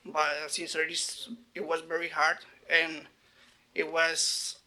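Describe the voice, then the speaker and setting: Hesitant man with a flat, bright voice. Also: on the high side, unhurried. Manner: hesitant, broken phrasing with frequent "you know". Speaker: business owner giving public comment. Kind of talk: public comment at a council meeting. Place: city council chamber.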